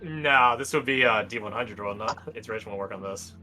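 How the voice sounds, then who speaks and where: A man's voice: on the low side, fairly quick, pushed and bright, faint music behind. A man narrating as game master of a tabletop game in a casual, laughing manner and swearing freely.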